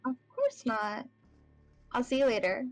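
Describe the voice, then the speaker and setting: A woman's voice: on the high side, big pitch swings, measured pace, dry recording, faint music behind. A woman player speaking in character in a tabletop role-playing game, bubbly and upbeat.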